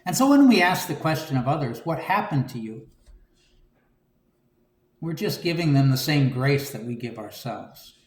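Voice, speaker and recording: A man giving a conversational homily, relaxed and reflective, with frequent "you know" and "um". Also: mid-range voice, normal speed, few pauses, echoey room. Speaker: preacher.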